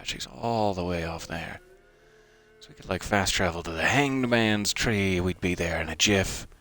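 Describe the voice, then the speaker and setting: A man's voice: low-pitched, bright, forceful tone. A man giving casual, chatty commentary while playing a video game, thinking aloud and joking at himself. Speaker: let's play gamer.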